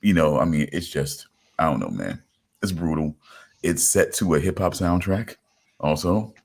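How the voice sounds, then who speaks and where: A man's voice: a bass voice, expressive, moderate pace, gravelly, slightly rough. A man hosting a casual podcast chat, rambling with lots of restarts and "you know what I'm saying". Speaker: podcast host.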